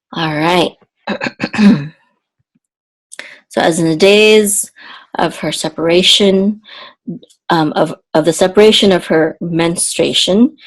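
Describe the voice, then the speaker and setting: Female Hebrew tutor, slightly sore throat, patient explainer who breaks into sung chant phrases. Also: on the low side. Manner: explains slowly, then chants the trope melodies. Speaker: Hebrew teacher. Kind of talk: online Bible Hebrew lesson.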